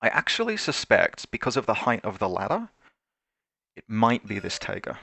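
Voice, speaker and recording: A man's voice: fairly low pitch, very animated, moderate pace, creaky, pushed and bright. A man playing a tabletop wargame over a call, thinking aloud through his moves and often correcting himself. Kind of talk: casual game commentary. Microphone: remote call.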